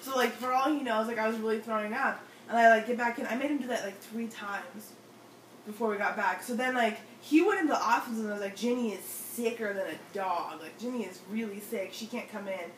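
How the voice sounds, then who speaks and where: A woman's voice: on the high side, fast talker, fairly bright tone, a little hiss or hum. Chatty young woman, roomy distant sound. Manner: chatty, heavy use of "like", acts out quotes. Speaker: storyteller among friends. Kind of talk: casual storytelling chat. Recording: roomy sound, mic at a distance, faint ambience.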